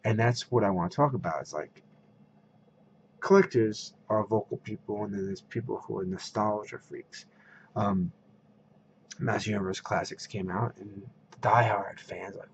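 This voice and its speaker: A man's voice: lowish voice, normal speed, highs cut off, a little hiss or hum. A man vlogging a casual rant to camera, retelling conversations with quoted voices.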